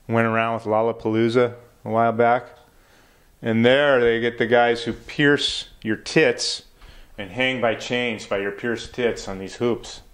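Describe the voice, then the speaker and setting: A man's voice: mid-range voice, clean tone. A man doing a rambling, profane stand-up monologue in a laid-back way. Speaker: comedian.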